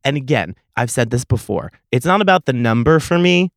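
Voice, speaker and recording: A young man hosting a solo comedy podcast, telling stories in a profane, sarcastic, animated way. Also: medium pitch, brisk, vocal fry, no echo, studio quality. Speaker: podcast host.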